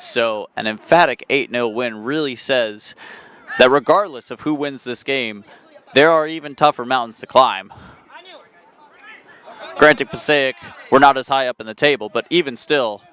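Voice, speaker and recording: A man giving live soccer play-by-play commentary from an outdoor field, chatty and quick to correct himself. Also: medium pitch, a bit bright, smooth. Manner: chatty, self-correcting, apologetic asides.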